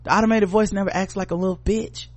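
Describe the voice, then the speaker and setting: A man with a fairly high voice chats loosely on a podcast, swearing as he goes. He acts out mock conversations in put-on voices. The sound is close and dry. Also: quick pace, dry recording. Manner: profane, animated, does mocking voices. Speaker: podcast co-host. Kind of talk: casual chat.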